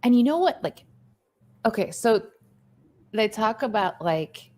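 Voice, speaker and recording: A woman co-hosting a casual livestream chat, talking in an animated way, reading viewer comments aloud and saying "like" often. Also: a little high, measured pace. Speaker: livestream co-host.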